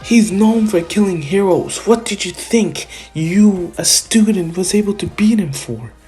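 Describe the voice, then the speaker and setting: A man playing a young hero student, urgent and scolding. The voice sits noticeably higher than his own, with faint music behind. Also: expressive, measured pace, dark tone.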